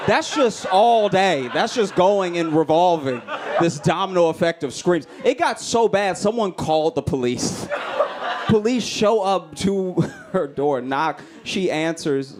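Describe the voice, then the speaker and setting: A male stand-up comedian telling a story on stage with a slightly high-pitched voice. He is animated and often breaks into loud, shouted voices. The live recording carries clear room noise with clicks around him. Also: normal speed.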